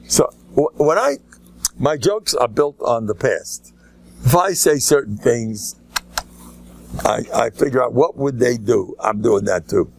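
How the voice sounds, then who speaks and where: Older man, rabbi lecturing informally, gravelly creaky voice, anecdotal with jokes and restarts. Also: mid-range voice, expressive, a little slow. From United States. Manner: storytelling, joking asides, rambling restarts.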